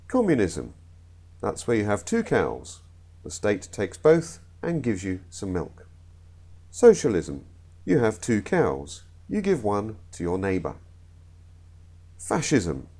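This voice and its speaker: Playful man reading jokes, lively pitch. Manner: playful, self-mocking. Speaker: comedy narrator. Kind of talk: jokey scripted narration.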